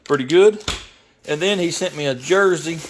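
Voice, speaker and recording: A man with a Southern American accent talking casually in a garage workshop, rambling and folksy, thinking out loud with lots of fillers. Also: fairly high pitch, moderate pace, noisy background. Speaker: garage YouTuber and mechanic. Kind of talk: casual workshop vlog talk.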